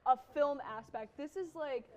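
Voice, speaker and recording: A woman's voice: high voice, heavy background noise. A young woman chatting casually on a show, telling stories and laughing easily. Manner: chatty, storytelling, quick to laugh. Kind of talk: casual chat.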